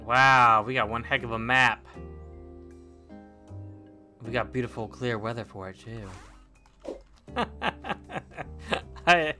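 A man playing through a game while commenting, chatty and excitable, yelping and laughing when things surprise him. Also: mid-range voice, takes it slowly, long pauses, over music. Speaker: gamer. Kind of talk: let's play commentary.

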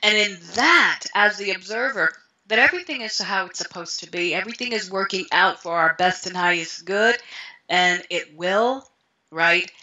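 Bright, animated woman telling stories. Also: medium pitch, normal speed, lo-fi sound. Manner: animated, acts out voices in her stories, laughs often. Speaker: interview guest, spiritual teacher. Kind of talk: conversational storytelling.

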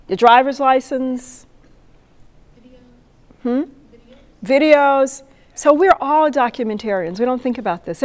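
Middle-aged woman from North Carolina, poet at a lectern, lively storyteller, quizzes the crowd. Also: on the high side. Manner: animated, asks the audience questions. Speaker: poet giving a talk. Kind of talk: storytelling talk to an audience.

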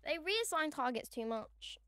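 A woman's voice: high-pitched, big pitch swings, measured pace, fairly bright tone, no echo. A young woman chatting through a gaming livestream, mock-annoyed and humming to herself as she plays. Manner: chatty, mock-annoyed, sings and hums while playing. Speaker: streamer.

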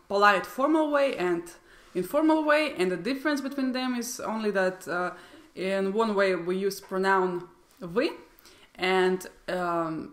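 A woman's voice: medium pitch, fairly bright tone. A woman with a Russian accent, a native Russian speaker, teaching a language lesson and carefully repeating example phrases. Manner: slow, deliberate repetition of example phrases.

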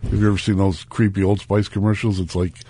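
A man's voice: low-pitched, flat delivery, fast, dark tone, slightly rough, dry recording. A man hosting a radio show in casual, jokey, rambling banter, speaking into a studio mic. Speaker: radio host.

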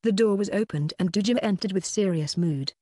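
An audiobook narrator reading a web novel in an even, unhurried way. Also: medium pitch, no echo.

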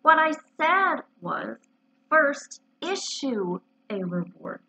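A woman's voice: high voice, sing-song, very slow, gravelly, pushed and bright, voice pushed up, full character voice. A woman doing a pompous wordy owl. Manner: pompous, fond of long words. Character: pompous wordy male owl, self-important. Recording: dull lo-fi recording.

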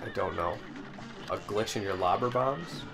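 A man's voice: on the low side, moderate pace, vocal fry, music in the background. A young man co-hosting a co-op let's play, swearing, joking and panicking in casual gaming commentary. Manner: profane, excitable, joking banter.

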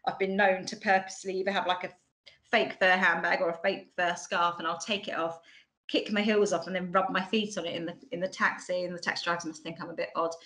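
A woman's voice: on the low side, steady tone, fast, fairly bright tone, rough recording. A woman in her forties with a Bracknell Mockney-style accent, giving a chatty conference talk online with many ums and restarts, over a computer mic. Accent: Bracknell, Mockney-like estuary. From England. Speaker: conference speaker.

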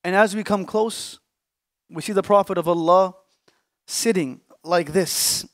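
Young male preacher, high voice, dry close recording, emphatic sermon that drops into hushed pauses. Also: no room sound. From Canada. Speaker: Islamic scholar. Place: mosque or lecture hall.

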